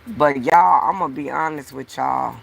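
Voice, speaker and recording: A woman's voice: sits low, moderate pace, creaky, husky. A woman vlogger talking to her viewers in a casual, frustrated, repetitive way. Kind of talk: casual talk to camera.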